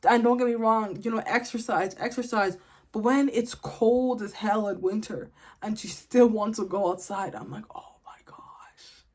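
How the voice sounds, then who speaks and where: A woman's voice: on the high side, fairly even intonation, normal speed, darkish tone. A woman, ranting bluntly and comically to camera in a casual vlog. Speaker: vlogger.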